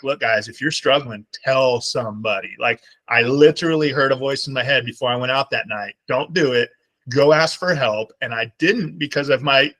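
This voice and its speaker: A man's voice: medium pitch, pushed and bright, low-quality recording. A man speaking as guest on a video call, telling a heartfelt personal story in a reflective way. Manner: heartfelt, reflective, quotes himself and others.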